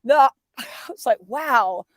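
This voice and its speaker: A woman's voice: high-pitched, animated, slow pace, no echo. A middle-aged woman, talking with emphatic enthusiasm as a guest on a live stream. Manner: fired up and emphatic. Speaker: guest speaker.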